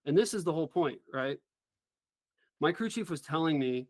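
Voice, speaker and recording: A middle-aged man, a former helicopter pilot, telling a story as an interview guest in an earnest, animated way. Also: fairly high pitch, moderate pace, pauses often, dry recording.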